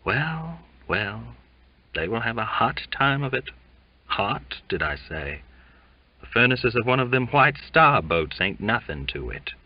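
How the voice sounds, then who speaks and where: A man voicing an old ship's cook who preaches with fanatical fervour, ranting and shouting. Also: medium pitch, very animated, a little slow, breathy edge, pitched above the performer's own voice. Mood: musing. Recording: dull lo-fi sound.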